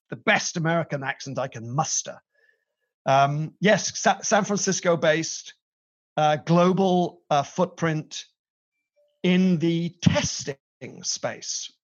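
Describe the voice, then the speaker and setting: A middle-aged British man speaks as a podcast guest, his voice set a little high and carrying a gravelly rasp. He tells his story with energy and playful emphasis. The recording sounds dull and lo-fi. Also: slow pace. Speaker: guest, company CEO. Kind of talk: podcast interview. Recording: dull lo-fi audio.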